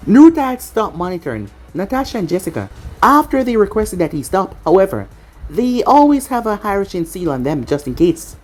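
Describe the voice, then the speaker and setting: A woman narrating a story aloud in a plain, steady reading style. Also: medium pitch, fairly quick, faint music behind. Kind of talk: storybook narration of fan fiction.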